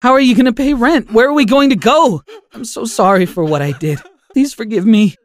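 A man's voice: very high voice, brisk, pitched above the performer's own voice. A man voicing a remorseful teenage boy in a storybook podcast, pleading through tears. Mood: tearful, pleading. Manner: sobbing, pleading, breaking voice. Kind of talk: storybook narration.

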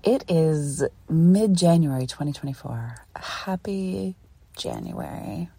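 A woman from Philadelphia hosting a casual solo podcast, chatty and quick to laugh, swearing freely as she tells a story. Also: low voice, big pitch swings, gravelly, mellow, slightly rough. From Philadelphia, USA. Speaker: podcast host.

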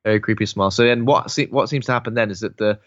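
A man's voice: lowish voice, racing, fairly bright tone, no room sound, lo-fi sound. A man co-hosting a casual film review podcast, chattily retelling a plot with asides. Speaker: podcast co-host.

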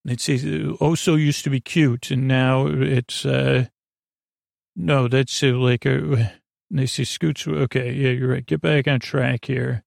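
A man's voice: medium pitch, steady tone, creaky, dry recording. A man hosting a podcast, giving a rambling, comedic recap of a TV episode. He halts often and acts out the characters' lines in a dry, offhand way. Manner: rambling, halting, full of fillers and restarts; dry, offhand retelling of scenes with quoted lines. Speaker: podcast host.

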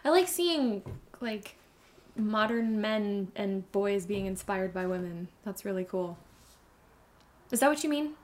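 A young woman chatting casually and retelling a fairy tale in a rambling, animated way. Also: mid-range voice, a little slow, long pauses.

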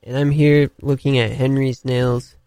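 A man's voice: mid-range voice, flat delivery, measured pace, mellow, clear, resonant tone. A young man co-hosting a podcast, joking and teasing in a mock-serious way. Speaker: podcast co-host. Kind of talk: playful casual banter.

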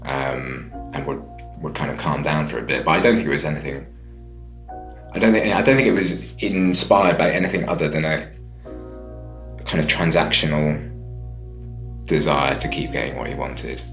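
Very deep-voiced man speaking frankly. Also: normal speed, pauses often, a bit bright, roomy sound, faint music behind. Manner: frank, hesitant with fillers. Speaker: local commentator interviewee. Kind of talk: interview commentary.

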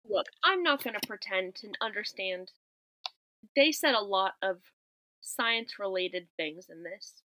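A woman's voice: medium pitch, expressive, unhurried, bright, forceful tone, no room sound, poor audio. A woman co-hosting a podcast, chatting casually and wryly as she recaps a movie scene by scene. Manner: chatty, wry, recounting scenes with quoted lines. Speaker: podcast co-host.

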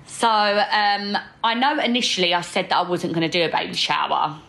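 Chatty young woman, a bit low. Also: normal speed, gravelly, bright, forceful tone, poor audio. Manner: chatty, upbeat, planning aloud. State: heavily pregnant. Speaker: podcast co-host. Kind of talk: casual chat.

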